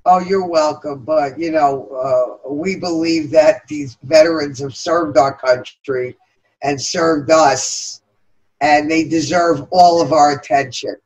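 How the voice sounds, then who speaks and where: This is a middle-aged woman from New York City, New York accent and all, earnestly working through interview answers about the veterans' chamber she co-founded, pausing and using fillers often. Her voice is low, steady and darkish, and the recording has its highs cut off.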